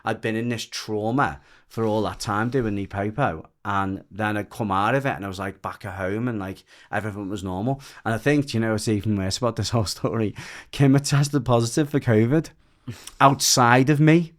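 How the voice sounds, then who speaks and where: British man with a low voice, emotional, rambling, quotes others as he tells his story. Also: moderate pace, hardly any pauses. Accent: British English. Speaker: podcast guest. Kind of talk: casual storytelling chat.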